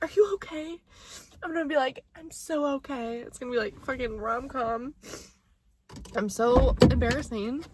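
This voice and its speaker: A woman's voice: high voice, normal speed, darkish tone, slight background noise. A young adult woman vlogging casually to camera, talking in a chatty, candid, sentimental way and leaning on lots of fillers. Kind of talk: casual vlog talk to camera.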